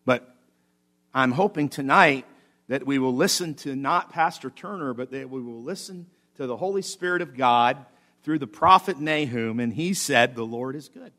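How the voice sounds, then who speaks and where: A man, a pastor, preaching a sermon with animated swings between loud emphasis and quiet asides. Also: medium pitch, moderate pace. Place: church.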